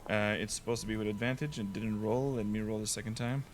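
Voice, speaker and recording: A man's voice: on the low side, fairly even intonation, fast, a little hiss or hum. Chatty male game master. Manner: chatty, laughs often, makes sound effects. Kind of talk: running a tabletop game.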